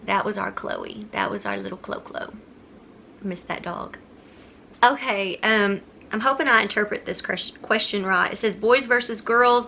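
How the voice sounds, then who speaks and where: Bright-voiced woman vlogging at home. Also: mid-range voice. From Texas. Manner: chatty and rambling, often restarting sentences. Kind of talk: casual Q&A vlog.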